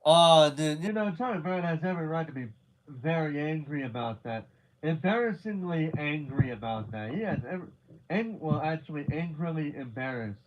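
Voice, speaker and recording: A man doing live watch-along commentary, reacting excitably with slangy "dude" and "bro" asides and casual swearing. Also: a little high, a little fast, noisy background. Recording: dull lo-fi stream audio.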